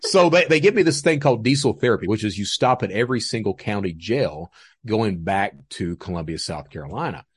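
A man's voice: lowish voice, expressive, fairly quick, breathy edge, dry recording. A man guest telling his story in a casual, profane, laughing way. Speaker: interview guest.

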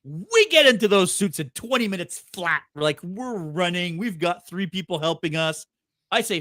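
Guy cohosting a podcast, kinda high voice, lots of ums and laughing, dry mic. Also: moderate pace, dry recording. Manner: animated, laughing, many fillers and restarts. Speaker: podcast co-host. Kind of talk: casual storytelling chat.

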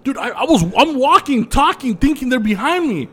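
A man co-hosting a podcast, telling a story in casual chat, animated and profane, laughing often. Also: very high voice, moderate pace. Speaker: podcast co-host.

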